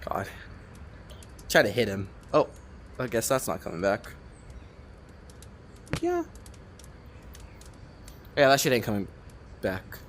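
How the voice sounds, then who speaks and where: A man giving let's-play commentary, rambling and excitable, swearing often and talking to himself as he plays. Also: on the low side, slow pace, pauses often, a little hiss or hum. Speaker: gamer playing a cooking game.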